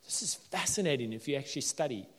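A male pastor giving an earnest sermon, building to emphatic peaks and dropping low and slow for weight. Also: animated, long reverb tail.

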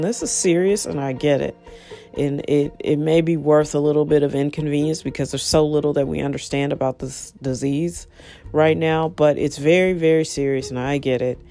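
A woman's voice: low-pitched, dark tone. A woman hosting her own podcast, talking casually and frankly into her phone with a rambling, chatty manner. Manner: frank, rambling, chatty with self-deprecating laughs. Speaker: podcast host. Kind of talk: casual solo podcast monologue.

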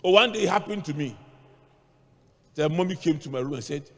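A middle-aged male pastor preaching a sermon, moving between hushed asides and shouted points as he tells stories. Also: on the high side, animated, fairly quick. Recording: long hall reverb.

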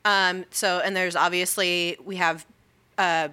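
A young woman telling a story in a casual podcast chat, full of ums and likes and the odd swear. Her voice sits a little low, but its tone is bright and forward. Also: level tone, slow, clear, resonant tone. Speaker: podcast co-host.

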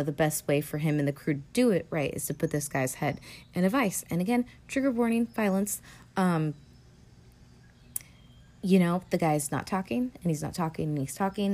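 A podcast host recaps a film in a rambling, casual way, full of fillers and swearing. Her voice is on the low side with a darkish tone.

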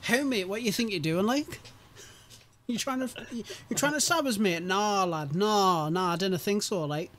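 A man's voice: high-pitched, moderate pace, fairly bright tone, voice pushed up. A man doing a rowdy, confrontational lad. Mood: mock aggression.

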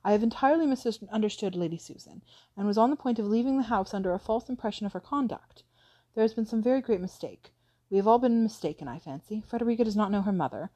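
A woman reading the lines of a flustered, apologetic young gentleman in an audiobook, with a hesitant, halting manner. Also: mid-range voice, lively intonation, lightly acted.

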